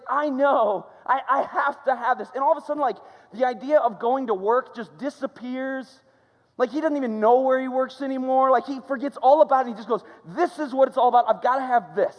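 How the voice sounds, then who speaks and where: A young adult man giving a storytelling sermon to students, casual and animated, full of "like" fillers and acted-out voices. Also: high-pitched, big-room sound. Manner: animated, conversational, many "like" fillers, acts out characters. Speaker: school chapel speaker.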